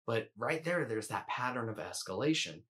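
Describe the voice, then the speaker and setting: A man coaching viewers in a calm, measured instructional talk, sometimes restarting his phrasing. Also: mid-range voice. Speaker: eating coach.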